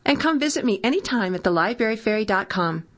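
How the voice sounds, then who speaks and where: A woman hosting a children's show, reading a story aloud with lively expression. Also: a little high, quick pace.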